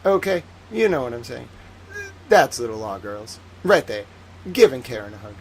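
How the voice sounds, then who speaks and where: A man hosting a livestream commentary, talking in an excitable, rambling way and often repeating himself. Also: mid-range voice, normal speed, husky. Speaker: host.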